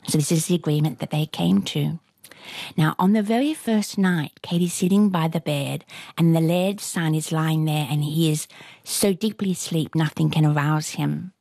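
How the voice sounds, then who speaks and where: A woman retelling a folktale aloud in a lively, rhythmic way, with a husky voice. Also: on the low side, no echo. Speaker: storyteller. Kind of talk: oral folktale telling.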